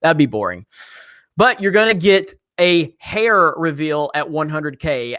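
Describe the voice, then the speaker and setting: Bright-voiced animated male streamer. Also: a little high. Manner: animated, joking, quick asides to chat. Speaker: live stream host reading viewer comments. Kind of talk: casual live stream chat.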